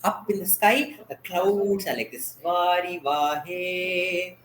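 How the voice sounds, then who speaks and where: A man's voice: high-pitched, big pitch swings, measured pace. A male dance teacher, teaching online. He asks simple questions and has the class repeat each term. His voice comes through a video call from an echoey room.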